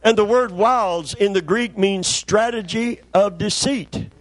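A man's voice: sits high, measured pace, no echo. A middle-aged man preaching a sermon in a folksy, conversational storytelling way, repeating words for emphasis. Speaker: pastor.

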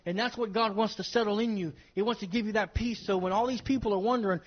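A high-voiced man preaches to his congregation. He leans hard on his phrases, repeating them and calling out to the people in front of him. The recording is dull and lo-fi, with the top end rolled off. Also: fast talker, few pauses. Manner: emphatic, repeats phrases, addresses congregation directly. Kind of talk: sermon. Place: church service with congregation.

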